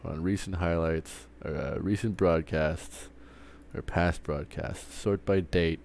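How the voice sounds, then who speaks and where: A man's voice: deep voice, fairly even intonation, takes it slowly, vocal fry, darkish tone, slight background noise. A man streaming live, ranting casually with lots of swearing and stumbling restarts. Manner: profane, rambling, restarts often. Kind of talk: casual rant while streaming.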